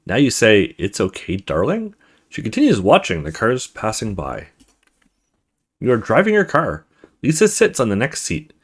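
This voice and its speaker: A young man hosting a let's play, reading a visual novel's text aloud with stumbles and quick asides. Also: mid-range voice, sing-song, breathy edge.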